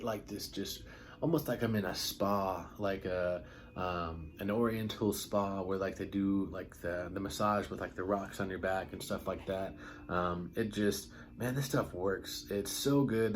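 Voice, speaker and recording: A man's voice: sits low, a little hiss or hum. A man casually reviewing colognes, enthusiastic and rambling, with lots of ums and filler words. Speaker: fragrance reviewer.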